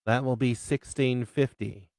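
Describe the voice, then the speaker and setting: A man's voice: medium pitch, steady tone, unhurried, vocal fry, a little mellow, no echo. A man voicing a rude, snarky male bartender who talks in a sneering, curt way. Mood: snide.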